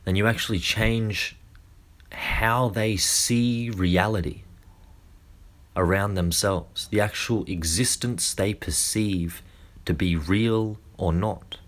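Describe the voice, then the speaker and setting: A man delivers a monologue in a deep, low voice. He stretches his phrases out deliberately and often restarts his sentences as he explains. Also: a bit bright. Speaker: speaker. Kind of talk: lecture-style monologue.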